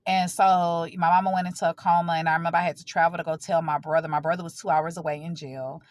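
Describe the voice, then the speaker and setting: A woman's voice: fairly low pitch, level tone, fast, dry recording. A woman, possibly in her thirties, telling a painful personal family story straight to her viewers in a casual, direct way, her voice catching as she fights back tears. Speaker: vlogger.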